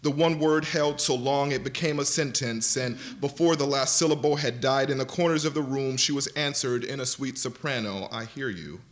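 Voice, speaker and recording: A man reads a literary passage aloud to a university audience with a dramatic, shifting delivery. He slows down and lingers on vivid images. He speaks at a middle pitch. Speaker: panelist reading aloud. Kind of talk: expressive literary reading. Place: university lecture event.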